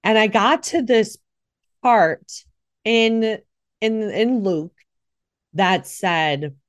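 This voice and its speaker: Speaking extremely slowly in a medium-pitched voice, a middle-aged nurse and podcast host recounts her faith journey, meandering, emotional and often correcting herself. No room sound is audible.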